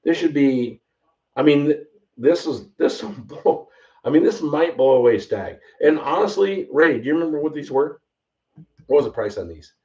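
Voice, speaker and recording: A man hosting a casual bourbon tasting, excitable and rambling, exclaiming often. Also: a little high, normal speed. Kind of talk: casual livestream tasting chat. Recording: slightly distant, dull lo-fi mic.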